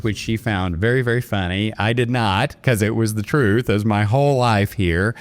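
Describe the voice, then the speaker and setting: Lower-voiced man telling a dramatic story. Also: fairly quick, hardly any pauses, clear, resonant tone. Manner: earnest, dramatic retelling with quoted dialogue. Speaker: bank chairman and podcast guest. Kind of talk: storytelling in an interview.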